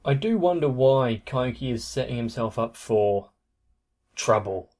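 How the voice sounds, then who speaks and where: A man's voice: medium pitch, animated, unhurried, a little mellow. A young man hosting an anime reaction channel, giving casual, thoughtful commentary that trails off at the ends of phrases.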